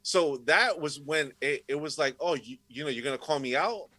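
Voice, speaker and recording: Guy on a podcast, bright tense voice, cusses a ton telling stories, dry close mic. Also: on the high side, normal speed, no echo, low-quality recording. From Puerto Rico heritage, raised in Rhode Island area. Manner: swears constantly, animated storytelling. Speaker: podcast guest. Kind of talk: casual chat.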